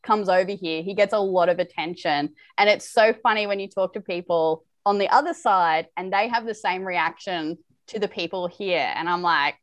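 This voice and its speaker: A woman's voice: lowish voice, normal speed, few pauses, no room sound. A woman with an Australian accent hosting a casual podcast interview, chatty and laughing often. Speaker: podcast host.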